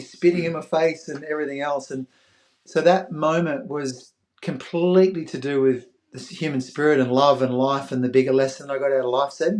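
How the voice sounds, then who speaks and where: On a podcast, a middle-aged former athlete from Australia with a medium-pitched voice tells an emotional story. He's lively, imitates the people involved, and turns quiet and soft in the tender stretches.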